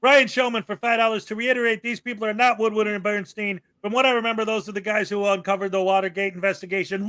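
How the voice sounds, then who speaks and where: A man hosting a casual commentary show over video clips, chatty and quick with asides, laughing often. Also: high voice, flat delivery, a bit bright, clear, resonant tone, no echo, a faint crowd. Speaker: show host.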